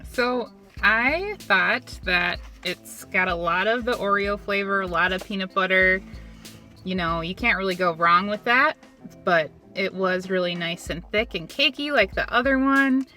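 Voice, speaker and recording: A woman's voice: mid-range voice, a little slow, bright, forceful tone, soft background music. A woman from Minnesota hosting a casual food review, chatty and upbeat, with frequent fillers.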